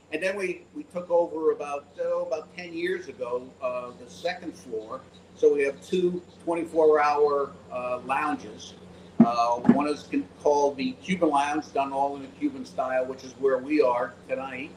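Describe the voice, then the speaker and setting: A man with an average-pitched voice describes his store, halting and pausing often as he talks. His voice rings in an echoey room, with clear noise in the background. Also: darkish tone. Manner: halting, with many "uh" pauses. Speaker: store owner.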